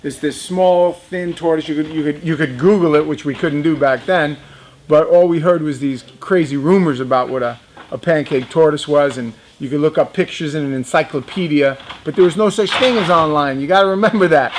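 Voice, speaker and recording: A man's voice: fairly high pitch, fairly quick, a little hiss or hum. A man in his fifties casually telling a personal story, chatty and laughing often, talking straight to young viewers. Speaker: reptile business owner.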